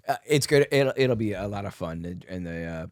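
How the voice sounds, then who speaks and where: Low-voiced male co-host, rambling storyteller with lots of restarts, dry sound. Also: animated, fairly quick, a little mellow, no echo. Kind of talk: casual chat.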